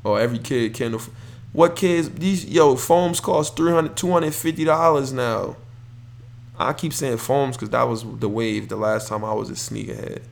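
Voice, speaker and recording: A young man hosting a podcast, talking casually and excitedly about basketball, rambling with lots of fillers and restarts. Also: medium pitch, moderate pace, gravelly. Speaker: podcast host. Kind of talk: casual solo sports talk.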